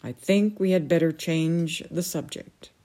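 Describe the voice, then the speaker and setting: A woman's voice: on the low side, unhurried, mellow, lightly acted. A woman reading aloud, voicing a tetchy, easily vexed old male wizard in a storybook. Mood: stern. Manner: stern, prone to outbursts.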